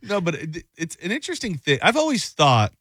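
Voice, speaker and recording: A man's voice: sits high, wildly swooping pitch, fairly quick, fairly bright tone, slightly rough, no room sound, studio quality. A young man co-hosting a morning show in casual banter, rambling, stammering and repeating himself in a playful way. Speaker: radio co-host.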